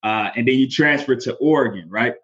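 Male interview host, average pitch, prompts the guest warmly, slightly muffled sound. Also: a little fast. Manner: encouraging, prompting questions. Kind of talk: casual interview.

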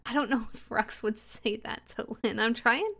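A woman's voice: fairly high pitch, moderate pace, vocal fry, noisy background. A woman playing a tabletop role-playing game who talks playfully and narrates what her character does. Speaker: player.

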